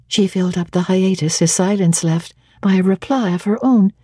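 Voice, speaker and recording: A woman giving a measured, expressive dramatic reading of a classic novel on a close microphone. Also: medium pitch, slightly rough, no room sound.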